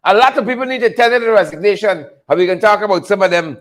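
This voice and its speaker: A man hosting a livestream, animated and repetitive, laughing often and greeting viewers by name. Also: high voice, fast talker. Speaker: livestream host. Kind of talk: casual livestream commentary.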